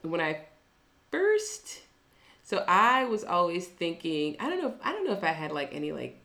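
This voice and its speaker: A woman's voice: lowish voice, huge pitch swings, moderate pace, creaky, fairly bright tone. A young woman co-hosting a podcast in a casual chat, rambling with many fillers and frequent laughs. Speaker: podcast co-host.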